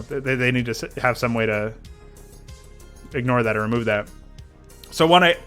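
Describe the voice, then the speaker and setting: Guy on a modding stream, mid-pitch voice, rambly, restarts a lot, faint music under him. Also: sharp tone. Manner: rambling, restarts often, reads and answers chat. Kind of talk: casual livestream talk about game design. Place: home setup while working on a game mod. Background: faint background music.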